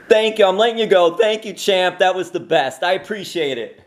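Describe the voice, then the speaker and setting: High-voiced upbeat interview host man. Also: lively intonation, normal speed. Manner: upbeat, chatty, laughs easily. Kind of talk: casual interview.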